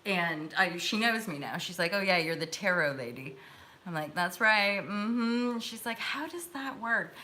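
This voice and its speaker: Brief: woman, host of a live tarot stream, bright and bubbly, giggly, chatty. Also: medium pitch, expressive, a little slow. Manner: bubbly and giggly, talks straight to viewers. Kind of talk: casual chat.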